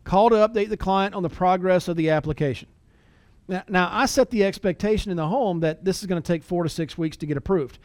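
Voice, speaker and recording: A man's voice: sits high, a little fast, darkish tone, dry recording. Folksy middle-aged man teaching sales. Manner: folksy, repeats words, acts out phone calls. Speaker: sales trainer. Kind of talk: conversational training talk with anecdotes.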